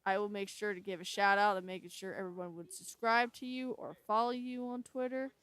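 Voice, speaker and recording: Woman chatting into her channel before a creepy story, lots of ums and restarts, trips over the reading, mid-pitched voice. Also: fairly even intonation, fairly bright tone, clear, resonant tone, poor audio. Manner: halting, stumbles while reading aloud; many fillers and restarts. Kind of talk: casual spoken intro to a scary story.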